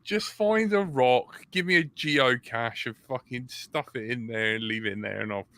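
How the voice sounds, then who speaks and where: A man's voice: mid-range voice, expressive, moderate pace, pushed and bright, dry recording, clean studio sound. A man co-hosting a casual podcast chat, ranting and swearing with self-mocking humor. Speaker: podcast co-host.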